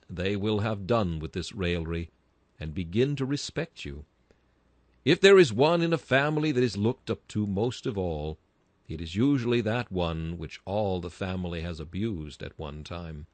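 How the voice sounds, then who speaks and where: Fervent low-voiced man reading a sermon. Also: dry recording. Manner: emphatic, rising to bursts of fervor. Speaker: sermon reader. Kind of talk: read-aloud Victorian sermon.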